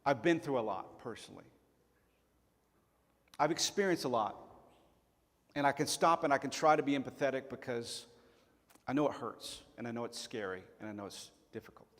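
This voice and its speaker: A man from Chattanooga preaching a sermon as pastor, earnest and emphatic, slowing down to stress key words. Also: medium pitch, expressive, big-room sound. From Chattanooga, Tennessee. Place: church sanctuary.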